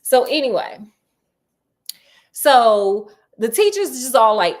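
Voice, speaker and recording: Chatty animated woman storyteller. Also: fairly high pitch, takes it slowly. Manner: chatty, animated, slangy, playful asides. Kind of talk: casual book retelling.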